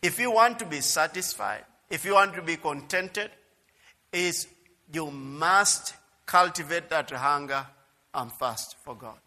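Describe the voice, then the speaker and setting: Bright-voiced man preaching in a reverberant hall. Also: a little high, expressive, a little slow. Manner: emphatic preaching, swings from quiet to loud, repeats phrases. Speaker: pastor. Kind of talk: sermon.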